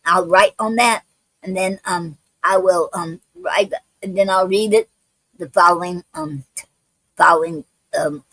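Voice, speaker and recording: A woman poet hosting a live stream, out of breath, talking in a halting way with many fillers and restarts. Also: fairly low pitch, fairly bright tone, husky, dry recording, rough recording. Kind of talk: casual live-stream chat and poetry reading.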